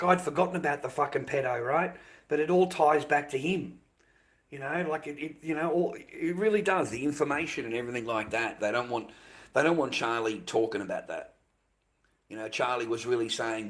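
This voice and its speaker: An Australian man ranting to his stream viewers, heated and profane, repeating himself often. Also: medium pitch. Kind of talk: ranting livestream monologue.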